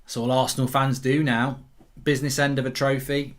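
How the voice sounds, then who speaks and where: A man hosting a live football watchalong, reacting excitably to the play and reading out viewer comments. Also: mid-range voice, brisk. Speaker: host.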